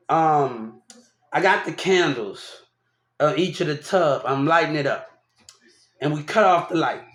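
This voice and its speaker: A man telling a long personal story in a loud, rambling, casual way, often laughing as he talks. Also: a little high. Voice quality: loud, animated, laughs often while talking. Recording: echoey room.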